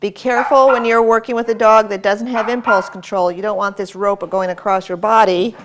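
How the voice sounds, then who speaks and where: A woman's voice: mid-range voice, fairly even intonation, brisk, background noise. A woman dog trainer demonstrating tug play, explaining patiently between short commands to a dog.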